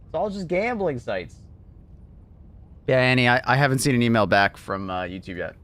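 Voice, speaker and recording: A man's voice: medium pitch, lively intonation, moderate pace, a bit bright. A man chatting casually to his live-stream viewers in a laid-back, slangy way, laughing often.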